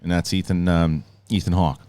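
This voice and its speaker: A man hosting his channel, giving a casual spoken review in a rambling, animated way with frequent restarts. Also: deep voice, normal speed, clear, resonant tone. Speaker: host.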